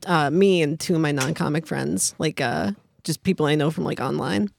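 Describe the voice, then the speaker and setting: A woman who is a comedian, guesting on a casual podcast in a basement studio, with a deadpan, dry delivery. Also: deep voice, normal speed, vocal fry, no echo. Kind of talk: casual chat.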